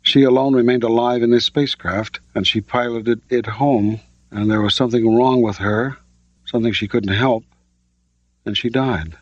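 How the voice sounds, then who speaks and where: A man's voice: medium pitch, normal speed, dry recording, lightly acted. A man doing a cool, evasive woman scientist. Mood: thoughtful. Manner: calm, matter-of-fact, defensive when pressed. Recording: dull lo-fi audiobook recording.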